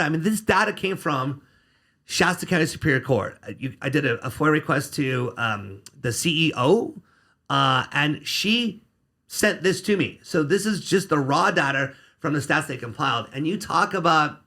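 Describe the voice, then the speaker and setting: Man, defense attorney, podcast guest, sharp bright tone, fairly high voice, sarcastic. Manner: blunt, sarcastic, curses freely. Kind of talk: casual podcast interview.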